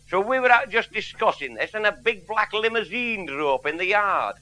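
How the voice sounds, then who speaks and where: A man's voice: high voice, animated, brisk, few pauses, bright, forceful tone. A middle-aged man telling a comic anecdote in a blunt, earthy, wry manner, heard on a noisy old radio recording. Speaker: storyteller. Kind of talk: comic anecdote before a live audience.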